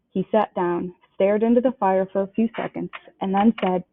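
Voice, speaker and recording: A woman reading a novel aloud with expressive storytelling narration. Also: medium pitch, fairly quick, hardly any pauses, no room sound. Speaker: storybook reader. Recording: dry, tinny phone-like sound.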